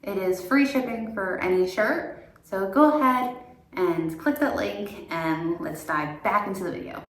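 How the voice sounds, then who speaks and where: A young woman hosts a casual ghost-hunting vlog from inside an old manor, talking at an unhurried pace. Her voice bounces around a very echoey room. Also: medium pitch, slight background noise. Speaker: paranormal investigator and vlog host. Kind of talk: casual vlog chat and ghost-hunt narration.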